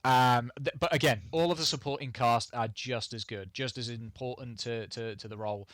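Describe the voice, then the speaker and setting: A southern English man co-hosting a podcast, halting and rambling as he searches for words. His voice sits at an ordinary pitch and is recorded dry and close. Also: steady tone, a bit bright, no room sound. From southern England. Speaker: podcast co-host. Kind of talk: casual podcast chat.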